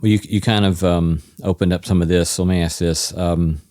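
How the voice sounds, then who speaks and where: A man's voice: low voice, steady tone, normal speed, warm tone, no echo, clean studio sound. A man hosting an interview podcast, speaking reflectively and affirming his guest often. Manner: thoughtful, reflective, frequent yeahs. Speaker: podcast host. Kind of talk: conversational interview.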